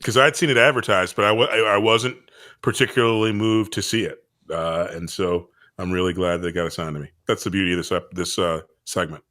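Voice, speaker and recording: A man co-hosting a podcast, chiming in with quick, eager remarks in casual chat. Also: sits low, fairly even intonation, bright, forceful tone. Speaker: podcast co-host.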